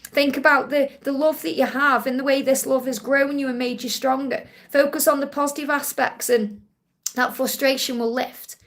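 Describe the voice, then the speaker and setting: High-voiced soothing woman giving readings. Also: steady tone, moderate pace. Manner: gentle and reassuring, ends points with a soft "okay?"; relays messages in first person with emphatic repetition. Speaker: psychic card reader hosting a live Q&A. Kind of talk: live stream reading.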